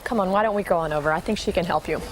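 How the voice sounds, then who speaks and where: An actress playing a female store clerk who calms an upset customer in a placating tone. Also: on the low side, very fast, some chatter behind, a little hiss or hum, lightly acted, poor audio. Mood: soothing. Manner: soothing, placating.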